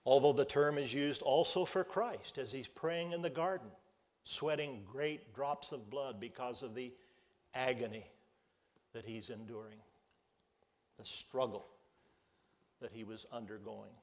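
A male pastor preaching a sermon, measured and emphatic, drawing out his key words. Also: mid-range voice.

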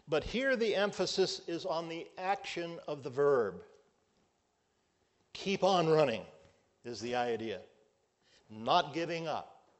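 A male pastor preaching a sermon, measured and emphatic, drawing out his key words. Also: fairly high pitch.

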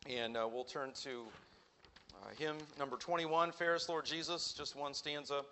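A man's voice: a little high, fairly even intonation, moderate pace, pushed and bright, slight background noise. A man preaching an earnest sermon in a church, asking rhetorical questions and acting out quoted voices. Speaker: pastor.

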